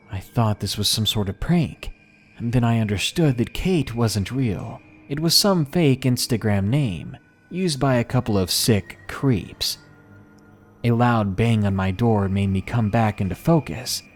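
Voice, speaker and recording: Low-voiced man narrating horror stories. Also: darkish tone. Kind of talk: scripted first-person narration of submitted stories.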